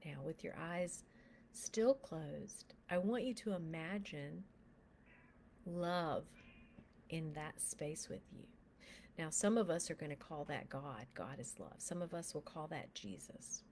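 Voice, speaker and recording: A woman leading a guided prayer and telling a testimony, speaking softly with frequent whispers and becoming emotional as she tells the story. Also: low voice, slight background noise. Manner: soft, slow and often whispered while guiding prayer; gets emotional and animated while telling the story. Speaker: minister.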